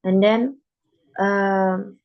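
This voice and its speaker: Slow, careful young woman presenting slides. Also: medium pitch, fairly even intonation, vocal fry, muffled recording. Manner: careful, deliberate reading with frequent repeats. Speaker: student presenter. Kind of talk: class presentation reading from slides.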